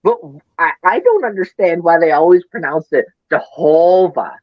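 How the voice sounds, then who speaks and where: A man's voice: a little high, expressive, normal speed, dry recording, dull audio. A man with a Midwestern accent, co-hosting a casual podcast chat, rambling and swearing as he gets flustered. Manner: rambling, profane, flustered ranting. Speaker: podcast co-host.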